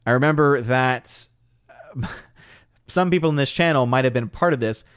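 A man in the middle pitch range hosting a casual live stream, reading viewer comments out loud and laughing between his takes. His voice sounds close and dry, with no room sound. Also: moderate pace, smooth, dry recording. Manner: chatty, reads viewer comments aloud, laughs often. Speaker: livestream host.

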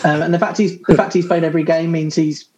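Brief: higher-voiced man, podcast panellist, careful and hesitant. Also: steady tone, noisy background. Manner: measured, thoughtful, hesitant with many ums. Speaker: podcast co-host. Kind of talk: casual chat.

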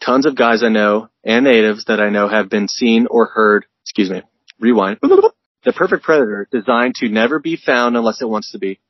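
A man's voice: fairly low pitch, normal speed, no room sound, dull audio. A man co-hosting a casual podcast, reading out a story in a laid-back way and swearing freely. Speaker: podcast co-host.

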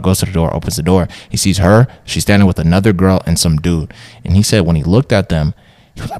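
A man's voice: low-pitched, fast, a little mellow, dry recording. A young man co-hosting a podcast, retelling a story in casual slang and acting out the quotes with animation. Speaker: podcast co-host.

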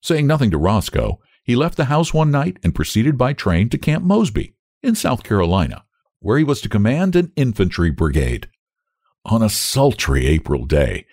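Man reading an audiobook, lowish voice, lots of pitch movement, dry sound. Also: no room sound. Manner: expressive storytelling. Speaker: narrator. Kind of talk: audiobook narration.

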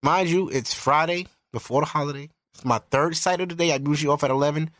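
A man's voice: fairly high pitch, fast, a bit bright, dry recording. A young man hosting a podcast, giving candid, profane relationship advice in a casual monologue. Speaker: podcast host.

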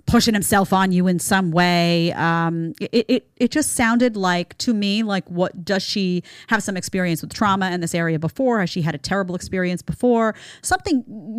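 A woman hosting a talk show, giving casual commentary in a chatty, animated way and acting out quotes. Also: fairly low pitch, no echo, clean studio sound. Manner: animated, acts out quotes with put-on voices; lively, chatty. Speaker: show host.

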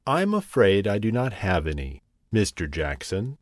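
A man's voice: lowish voice, sing-song, unhurried, no room sound, clean studio sound. A man voicing a fussy, tidy little female house mouse in a storybook reading, prim and scolding.

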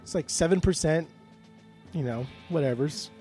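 A man's voice: on the high side, normal speed, dark tone, faint music behind. A man co-hosting a podcast, talking casually in a playful, joking, rambling way. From Phoenix area. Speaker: podcast co-host. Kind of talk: casual chat.

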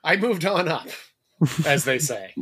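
Animated man with a bright voice. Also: fairly high pitch, breathy edge. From New Jersey. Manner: animated storyteller, quick asides. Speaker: podcast guest, teacher. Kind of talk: casual chat.

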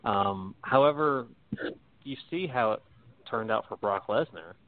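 A man's voice: on the low side, lively intonation, measured pace, no echo. A man chatting casually and bluntly, swearing freely and laughing often as he argues his opinions. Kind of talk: casual chat. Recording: tinny phone-like sound.

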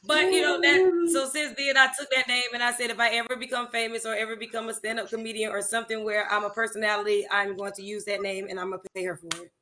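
A woman, a music teacher and songwriter, chatting in an interview and telling animated stories with laughter. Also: fairly high pitch, fast, hardly any pauses, slight background noise. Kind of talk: casual interview chat.

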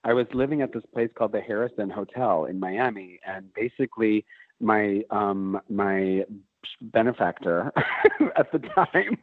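A man's voice: on the low side, expressive, unhurried, dry recording. Man, forties, rambling storyteller, casual chat, phone-like sound, dry. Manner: rambling, many restarts and "like". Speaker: guest. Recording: tinny phone-line sound.

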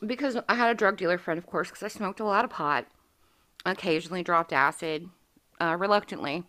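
A woman's voice: on the low side, brisk, sharp tone. A woman in her forties hosting a podcast, telling a candid, profane personal story in casual chat. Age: 40s. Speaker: podcast host.

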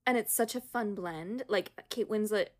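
A woman's voice: mid-range voice, normal speed. A young woman co-hosting a podcast, chatting casually, rambling and laughing often. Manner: giggly, rambling, prone to bursts of laughter. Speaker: podcast co-host. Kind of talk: casual chat.

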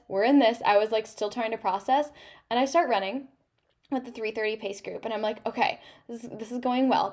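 A young woman hosting her own podcast, telling a story in a chatty, casual way full of "like" and "um". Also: on the high side. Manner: chatty, filler-heavy storytelling with lots of "like". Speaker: podcast host.

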